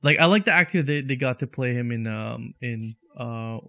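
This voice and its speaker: A man talking casually over a movie, often laughing and restarting his sentences. His voice sits in a middle pitch, recorded dry and close with no room around it. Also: normal speed, sharp tone, dry recording. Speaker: movie watch-along co-host. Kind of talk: casual chat.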